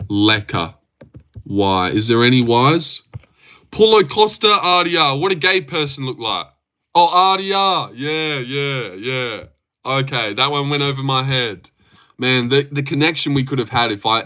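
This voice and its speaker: Speaking in a sharp, mid-range voice, this young Australian livestream host reads out chat, rambles casually, swears, and laughs a lot.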